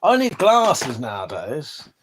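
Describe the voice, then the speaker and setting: English guy rambling on a stream, bit high voice, swears a lot, keeps restarting his sentences. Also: wildly swooping pitch, slow pace, a bit bright, a little hiss or hum. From England. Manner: swears freely, rambling and self-interrupting. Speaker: livestream host reading chat. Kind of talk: casual chat. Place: indoor room with weapon collection wall.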